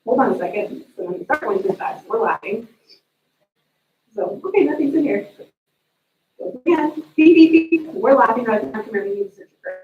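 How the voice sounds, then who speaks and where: A woman delivers a eulogy, telling family stories with lively energy. Her voice sits fairly high and is heard from a distance in a roomy, echoing space. The sound is dull, with a faint hum underneath. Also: a little fast, long pauses. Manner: storytelling, animated retelling of family moments. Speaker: sister giving a eulogy. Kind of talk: memorial eulogy with family anecdotes. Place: memorial service room. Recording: distant echoey room mic, dull sound.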